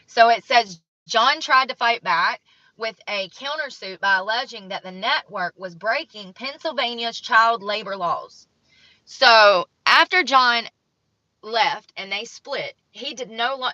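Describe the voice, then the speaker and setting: A young woman vlogger reads from an article and weighs in bluntly with judgmental commentary. Her voice sits a little high and sounds bright and forceful. The recording is dull and lo-fi, in a dry room with no echo. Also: measured pace. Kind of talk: opinionated commentary, reading from an article.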